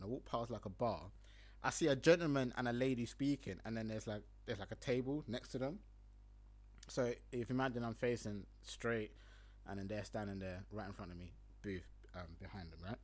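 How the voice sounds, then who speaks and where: Lively young London man telling a story. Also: medium pitch. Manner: animated, acts out his own lines loudly, laughs often. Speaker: podcast host. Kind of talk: casual storytelling monologue.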